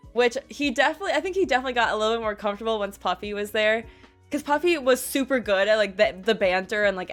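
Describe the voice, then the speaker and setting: A young woman telling a casual storytime vlog, bubbly and quick, full of "like" and acted-out quotes. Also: fairly high pitch, fairly bright tone. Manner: bubbly, quick, lots of "like" fillers and quoted voices. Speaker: vlogger.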